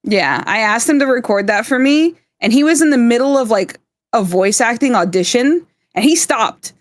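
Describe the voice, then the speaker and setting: A woman's voice: fairly high pitch, expressive, normal speed, no room sound. A woman from South Florida, streaming live and chatting casually, laughing often and swearing freely. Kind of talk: casual chat.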